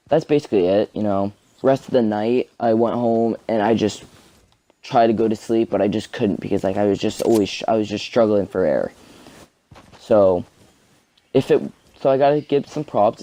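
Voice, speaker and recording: A man's voice: on the low side, warm tone. A man vlogging a personal story in a casual, rambling way, full of "like" fillers. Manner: rambling, heavy use of "like" fillers.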